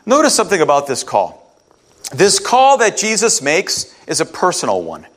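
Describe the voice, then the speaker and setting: A man's voice: sits high, wildly swooping pitch, normal speed, fairly bright tone. A man preaching a sermon, reading scripture aloud and restarting his sentences as he explains it. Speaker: pastor.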